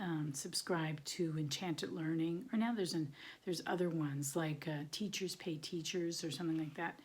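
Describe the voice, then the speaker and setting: An older woman chatting casually from home about her child's learning, rambling and drifting into soft, half-whispered asides as she shows materials. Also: deep voice, fairly even intonation, a little slow, breathy edge. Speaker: homeschooling parent and channel host. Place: at home, showing materials to camera.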